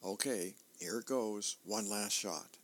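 A man voicing a hapless office-worker husband from a comic strip, with a slow, plain line reading. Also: fairly low pitch.

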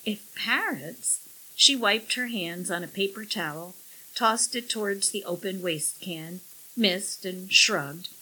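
Slow, breathy woman narrating an audiobook. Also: medium pitch, animated, pushed and bright, low-quality recording. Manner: wry, measured storytelling.

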